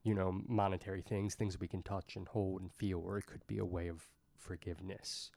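A man's voice: sits low, flat delivery, fairly quick, gravelly, warm tone, no room sound. A man hosting a faith podcast, reflecting earnestly with frequent restarts. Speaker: podcast host. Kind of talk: faith-based conversation.

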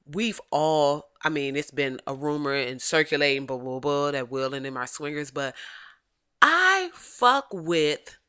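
A woman hosting a podcast, chatting casually about celebrity gossip in an animated, profane, joking way and laughing often. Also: sits low, unhurried, clear, resonant tone. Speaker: podcast host.

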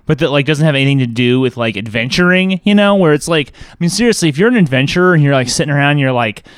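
A man's voice: a little high, animated, fast talker, smooth, no room sound, studio quality. A young man co-hosting a casual podcast, rambling and restarting his sentences with casual swearing. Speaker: podcast co-host. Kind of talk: casual chat.

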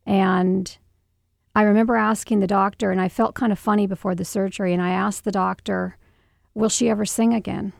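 A middle-aged mother in an interview, recounting a painful memory in a halting, emotional way with many restarts. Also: medium pitch, flat delivery, gravelly, no room sound, clean studio sound. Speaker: guest, mother. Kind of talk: personal storytelling interview.

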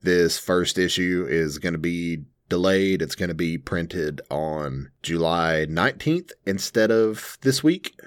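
A man with a deep voice that swings widely in pitch co-hosts a casual podcast. He rambles with plenty of fillers and breaks into laughter often. His voice sounds slightly worn. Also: animated, slow, hardly any pauses. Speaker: podcast co-host. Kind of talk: casual chat.

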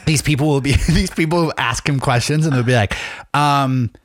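A man's voice: mid-range voice, normal speed, a little hiss or hum. Rambling young man podcast co-host. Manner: rambling, self-interrupting, joking. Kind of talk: casual chat.

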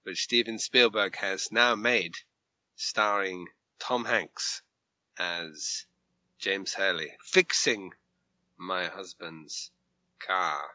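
A man's voice: sits low, steady tone, extremely slow, bright, forceful tone, no room sound, highs cut off, exaggerated voice. A man voicing a boastful widowed woman with a rotten tooth, rambling through grand brags in a podcast bit. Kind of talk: podcast recap banter.

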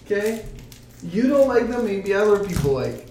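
A man's voice: sits high, big pitch swings, a little mellow. A man chatting casually before a tabletop game, joking and laughing often. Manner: jokey, laughs often, slow drawn-out delivery. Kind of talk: casual chat. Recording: echoey room, faint noise.

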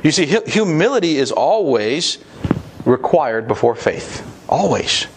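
A man's voice: a little high, big pitch swings, a little slow, background noise. A man preaching a sermon to fathers, earnest and plain-spoken, acting out quoted prayers as he teaches.

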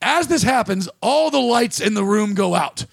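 A man's voice: sits high, expressive, moderate pace, gravelly, slightly rough. A man hosting a podcast, telling a rambling, profane, self-deprecating story about a bad comedy gig in casual chat. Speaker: podcast host and stand-up comic.

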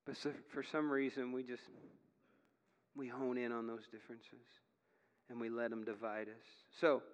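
A male pastor preaching a sermon, telling stories with growing animation and near shouts at the peaks. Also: medium pitch, level tone, moderate pace, clean tone, in a large hall.

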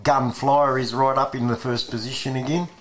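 A man's voice: mid-range voice, fairly even intonation, moderate pace, crowd noise. A man with an Australian accent hosting a community radio show, in laid-back, blokey chat. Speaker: radio host. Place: radio studio.

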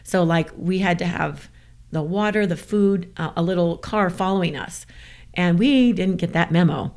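A woman from the American South, a guest telling a story in casual chat, animated and laughing often. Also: lowish voice, normal speed.

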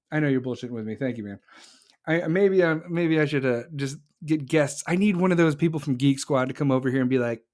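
A man's voice: mid-range voice, a little mellow. A man hosting his own podcast, venting in an angry, profane, combative rant and answering live listeners as he goes. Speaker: podcast host. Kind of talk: solo political rant podcast.

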